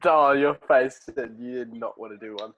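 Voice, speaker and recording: A young man co-hosting a podcast, chatting casually and reacting with excitement to his friends' stories. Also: medium pitch, brisk, narrow, tinny audio. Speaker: podcast co-host. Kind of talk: casual chat.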